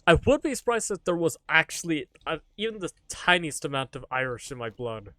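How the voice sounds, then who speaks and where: A male streamer talking casually to his viewers as he plays, rambling from one joke to the next with the odd offhand curse. His voice sits a little high for a man, and the sound is close and dry, with no room around it. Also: sing-song, a little fast, pushed and bright, no echo. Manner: rambling, joking, swears casually. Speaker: live streamer. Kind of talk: casual live-stream chat while gaming.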